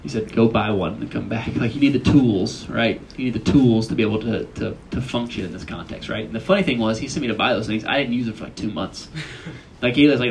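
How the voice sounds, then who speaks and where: Young male retreat speaker, relaxed conversational sermon, gravelly tone, slight background noise. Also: medium pitch, fairly quick, poor audio. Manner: chatty, asks the audience questions.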